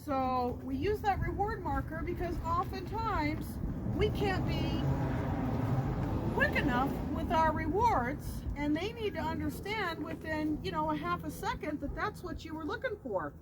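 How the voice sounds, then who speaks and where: Outdoors near a road, a woman dog trainer walks through each step plainly, her intonation lively and her pace a little slow. She praises the dog in a high sing-song voice, and loud background noise fills the recording.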